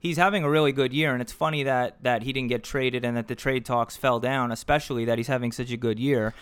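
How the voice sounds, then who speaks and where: A man co-hosting a podcast, trading baseball quiz clues in casual, animated chat and swearing freely. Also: mid-range voice, clean tone, dry recording. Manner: animated, swears, quick asides. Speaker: podcast co-host.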